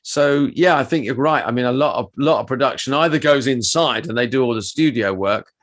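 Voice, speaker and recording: A man's voice: mid-range voice, brisk, fairly bright tone. A middle-aged man co-hosting a podcast, telling anecdotes in a casual, rambling way with many restarts. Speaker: podcast co-host and performer.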